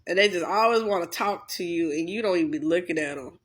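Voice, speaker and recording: A woman's voice: fairly low pitch, animated, brisk. A woman vlogger in a blunt, profane, heated casual rant. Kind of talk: casual ranting monologue.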